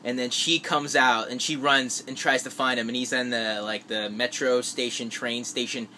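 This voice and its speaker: A man's voice: medium pitch, steady tone, normal speed, sharp tone, slight background noise. A man rambling through his movie list in a casual vlog, with lots of fillers and restarts. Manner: rambling, many fillers and restarts, acts out quotes. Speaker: vlogger.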